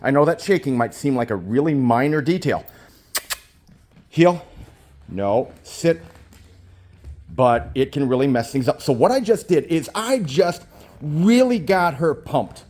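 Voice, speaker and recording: A man in his fifties, a dog trainer, narrating a training session while holding a phone. He gushes with praise, slips into baby talk with the dog and gives crisp, short commands. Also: a little high, expressive, a little slow, long pauses, a little mellow. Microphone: phone held in hand.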